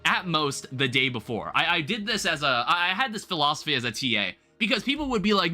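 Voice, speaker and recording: A young man hosting a livestream, chatting casually while gaming and telling rambling, animated stories with some swearing. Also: fairly high pitch, quick pace, few pauses, faint music behind. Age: young adult. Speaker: livestream host.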